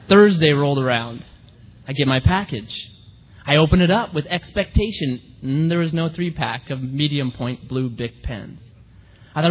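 A man preaching a sermon, telling humorous stories in an animated way. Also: a little high, unhurried, pauses often, breathy edge, lo-fi sound. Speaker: pastor. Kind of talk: sermon storytelling.

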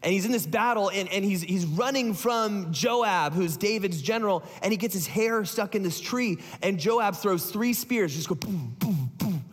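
Pastor guy, pretty high voice, jokey sermon, echoey big hall. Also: husky. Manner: casual, joking storytelling.

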